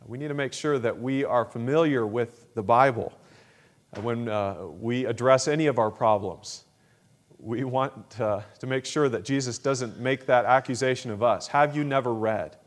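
A man preaching a sermon, speaking in a measured way with frequent fillers and throat clearing. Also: mid-range voice.

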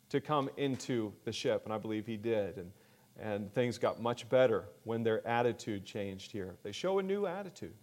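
A man preaching a sermon in an earnest, measured way, growing louder on the words he stresses. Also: on the low side, animated.

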